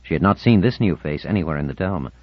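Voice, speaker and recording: A man reading a novel aloud as an audiobook narrator, in a measured, expressive reading. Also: low voice, dry recording. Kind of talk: scripted narration. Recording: dull, dry studio recording.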